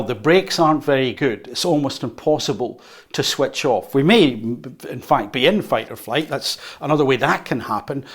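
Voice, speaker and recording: A man lecturing as he draws on a board, speaking in a voice of middle pitch. He talks loosely, with fillers and restarts, and now and then acts out a worried inner voice to make his point. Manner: unscripted, with fillers and repeats. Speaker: teacher. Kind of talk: whiteboard lecture.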